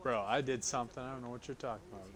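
A man's voice: medium pitch, fairly even intonation, racing, a crowd in the background. A young man chatting casually while co-playing a video game, laid-back and teasing, laughing often. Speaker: gamer co-playing. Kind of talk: casual gameplay chat.

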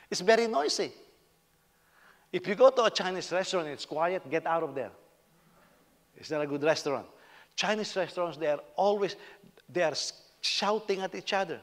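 Filipino pastor preaching in a reverberant hall. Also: male voice, on the high side, expressive, moderate pace, pauses often. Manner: humorous, conversational preaching. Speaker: senior pastor. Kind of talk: sermon.

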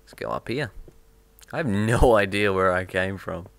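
A man giving relaxed, playful commentary on his own gameplay, chatting to himself as he goes. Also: low-pitched, normal speed, creaky, dry recording. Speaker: gaming video host.

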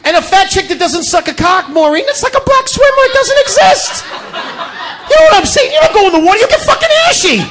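A man doing stand-up on a comedy club stage, with an unusually high voice that leaps all over its range. He talks brash and crude, throws profanity around and needles the crowd, over a faint hiss on a handheld mic. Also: sing-song, a little fast. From Connecticut. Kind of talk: stand-up routine.

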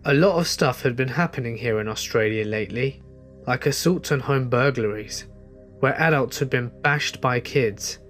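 A man's voice: medium pitch, normal speed, fairly bright tone, faint music behind. Man narrating a horror story.

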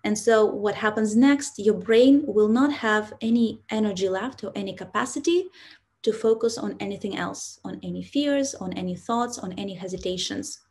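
Brief: young Russian-accented woman, speaking coach, earnest storytelling, mid-pitched voice. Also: normal speed, darkish tone. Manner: earnest, reflective storytelling with frequent "so" and "like". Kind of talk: storytelling presentation.

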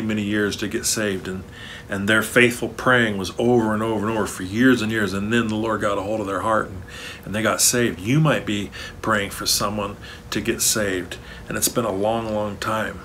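A man's voice: mid-range voice, a bit bright, slight background noise. A man preaching a sermon as pastor, earnest and rising to emphatic stresses, recorded for an online church service.

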